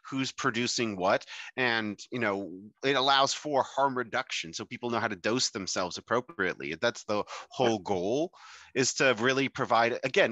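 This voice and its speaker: A man's voice: mid-range voice, pushed and bright, no echo. A man speaking as a podcast guest in a casual interview. He rambles, restarts his sentences and leans heavily on filler words. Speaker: podcast guest, mushroom competition co-founder.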